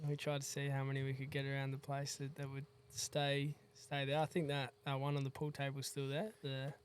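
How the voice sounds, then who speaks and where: Man, flat even delivery, easygoing guest, faint background hum. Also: mid-range voice, a little fast. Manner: relaxed, flat delivery, lots of agreeing. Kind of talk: casual chat.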